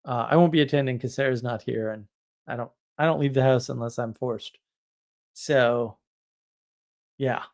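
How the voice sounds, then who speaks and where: A man's voice: mid-range voice, steady tone, normal speed, pauses often. Rambling, chatty male livestreamer. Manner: rambling, chatty, laughs at own stories. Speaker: livestream host. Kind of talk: casual live-stream chat.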